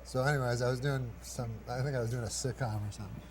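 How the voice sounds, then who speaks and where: A man in his forties telling a long, rambling anecdote as a talk show guest, deadpan and drawling, sometimes putting on other voices. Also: heavy background noise. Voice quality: dry, deadpan storytelling with drawling pauses. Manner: acts out other voices with raised pitch.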